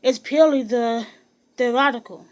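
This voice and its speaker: A woman reading aloud, voicing a middle-aged male scientist who shouts in vehement, clipped bursts. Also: fairly high pitch, moderate pace, close to an everyday voice. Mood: angry. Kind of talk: audiobook reading.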